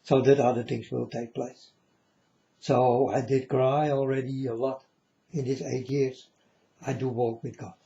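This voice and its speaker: Slow, mellow man on a lo-fi recording. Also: medium pitch, level tone, creaky. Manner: slow, repetitive, keeps asking the listener "you understand?". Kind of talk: casual spiritual monologue to viewers. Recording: dull lo-fi recording.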